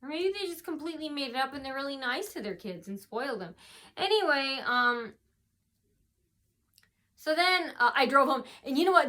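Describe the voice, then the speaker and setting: High-pitched woman rambling to camera, kinda teary, lots of ums and restarts. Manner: rambling, many fillers and restarts, mimics shouts. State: tearful, face swollen from crying. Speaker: vlogger. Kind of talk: casual rambling storytelling to camera.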